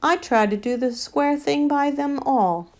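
A woman's voice: sits high, a little slow, darkish tone, pitched above the performer's own voice. A woman voicing a humble middle-aged male cabdriver with a Cockney accent, speaking in a homely, deferential way in an audiobook. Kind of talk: audiobook character voice.

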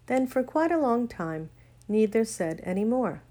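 A woman narrating a children's storybook aloud in a gentle, measured way. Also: a little high, sing-song. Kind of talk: storybook reading.

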